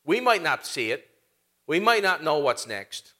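With a high, bright, clearly ringing voice, a male pastor delivers a sermon a little slowly and with big swings in pitch. He stays conversational, slipping rhetorical questions and casual asides in between points.

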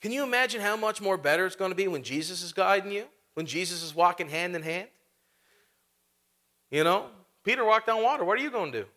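A man's voice: high-pitched, expressive, brisk, bright, forceful tone. A man preaching a sermon as a pastor, in a conversational way full of rhetorical questions and asides.

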